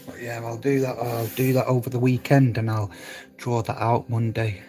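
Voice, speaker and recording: A man's voice: medium pitch, flat delivery, normal speed, warm tone. A man live-streaming from his phone at home, chatting casually and laughing with viewers as he reads their comments. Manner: chatty and laughing, talks straight to viewers in the chat.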